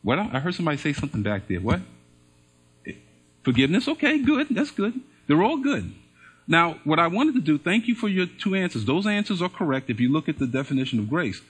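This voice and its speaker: Male pastor, fairly high husky voice, call-and-response preaching in a live church service. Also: big pitch swings, a little fast. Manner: call-and-response, asks congregation to repeat and answer. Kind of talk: sermon.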